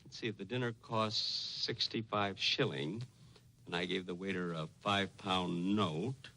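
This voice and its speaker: A man acting in a 1950s TV sitcom as a fussy, deadpan tourist who counts and hesitates aloud. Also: low-pitched, measured pace, a little hiss or hum, exaggerated voice. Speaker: comedian playing himself as a tourist.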